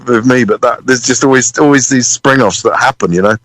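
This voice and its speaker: A British man, a drummer, telling a lively story in a radio interview, swearing freely and acting out other people's voices. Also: medium pitch, a little fast, no room sound, rough recording. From United Kingdom. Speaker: guest drummer.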